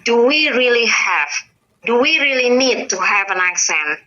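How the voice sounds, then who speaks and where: A woman's voice: fairly high pitch, expressive, measured pace, sharp tone. A woman from Indonesia, a non-native English speaker, talking as an interview guest, hesitant with restarts but firm when she makes a point. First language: not English. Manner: hesitant, with many restarts and fillers, then firm and emphatic. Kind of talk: casual interview conversation. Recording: distant, dull, echoey recording with faint noise.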